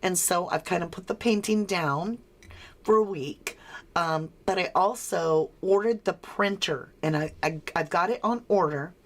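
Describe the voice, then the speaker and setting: Slow-talking American woman hosting a livestream. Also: fairly low pitch. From United States. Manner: reads viewer comments aloud and answers them, chuckling often. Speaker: true crime livestream host. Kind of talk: casual livestream chat.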